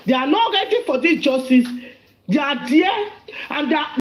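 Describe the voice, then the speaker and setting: Angry high-voiced Nigerian woman. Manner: angry, animated, mixing pidgin and English. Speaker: caller. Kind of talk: heated live audio chat.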